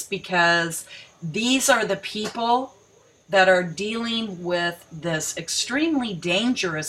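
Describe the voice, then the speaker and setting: A woman's voice: medium pitch, fairly bright tone, poor audio. A woman reading news articles aloud and breaking off to mock them, rereading lines for emphasis. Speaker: video commentator.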